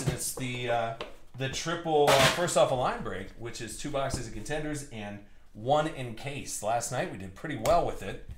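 Give me an excited young man calling out cards on a live break, in a roomy, echoey space. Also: a little high, slight background noise. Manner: excited, slangy, calls out cards and buyers. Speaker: card break host. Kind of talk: live stream card break commentary. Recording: roomy echo.

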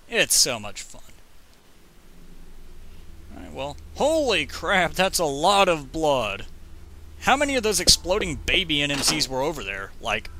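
A man giving rambling, jokey gameplay commentary, talking fast when he gets excited. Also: on the high side, background noise. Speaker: let's play commentator.

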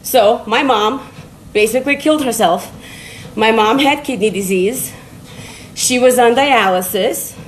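A woman's voice: fairly high pitch, a little slow, slight background noise, low-quality recording. A middle-aged woman giving a blunt, rambling motivational talk on a phone live stream while walking on a treadmill, laughing and swearing.

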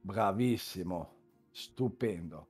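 Music plays as an Italian-accented stream co-host, Italian by first language, cheers on flight-sim landings in loose, broken English. His voice is deep and a little mellow with a breathy edge, slow-paced but lively in intonation.

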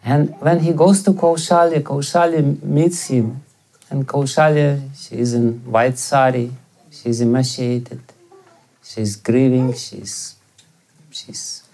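A man's voice: on the high side, a little mellow. A male spiritual teacher giving a scripture lecture, telling a story with many hesitant fillers.

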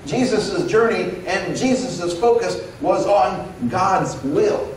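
Pastor preaching in a roomy sanctuary. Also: male voice, high voice, slow pace, a little hiss or hum. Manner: conversational, animated storytelling with quoted dialogue. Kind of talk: sermon. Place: church sanctuary. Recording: roomy echo, recorded from a distance.

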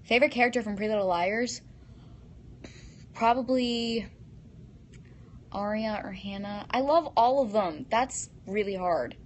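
A woman's voice: medium pitch, unhurried, pauses often, a little mellow, slight background noise. A teenage girl hosting a casual live stream, reading fan comments aloud and answering them in a bubbly, giggly way into a phone.

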